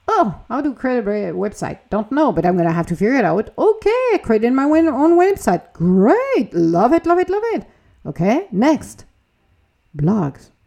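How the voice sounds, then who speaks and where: A woman with a rather high, mellow voice hosts a spiritual self-help podcast. She talks in an animated, swooping way and often slips into the voices of her own inner self-talk. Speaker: podcast host. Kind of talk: motivational spiritual podcast monologue.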